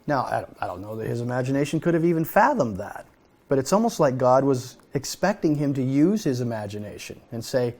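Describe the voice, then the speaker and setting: A man's voice: mid-range voice, sing-song, brisk, darkish tone. A man leading a conversational Torah study, talking earnestly and thinking aloud. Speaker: Bible study teacher.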